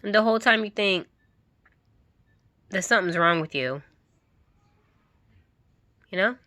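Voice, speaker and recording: A woman's voice: medium pitch, measured pace, pushed and bright, no room sound. A woman vlogger giving an emphatic, candid monologue to camera. She often repeats herself and laughs now and then.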